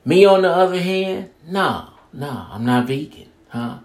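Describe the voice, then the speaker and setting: A man's voice: on the high side, very animated, measured pace. A man hosting a podcast, talking in a casual, profane, streetwise monologue and mocking other people's demands with "blah, blah". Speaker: podcast host.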